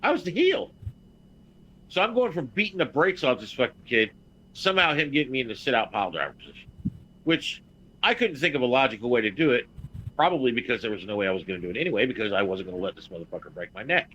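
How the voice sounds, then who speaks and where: A man chatting on a podcast who tells a story bluntly and profanely, swearing often and getting loud and heated. His voice is bright and forceful, with a lively, swinging pitch. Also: quick pace, lo-fi sound, a little hiss or hum. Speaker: podcast co-host, veteran wrestler. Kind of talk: casual podcast chat.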